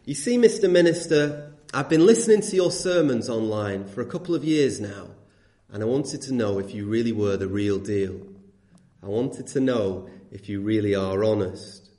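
Man voicing a calm bus driver. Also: fairly low pitch, normal speed, voice pushed down, natural voice. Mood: matter-of-fact. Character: calm honest middle-aged male bus driver. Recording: echoey room.

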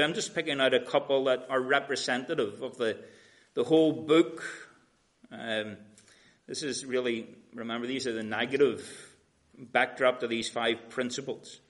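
Reading verses aloud, a man preaching an expository sermon paraphrases them in a sarcastic, everyday tone. His medium-pitched voice swings from loud, emphatic lines to quiet asides.

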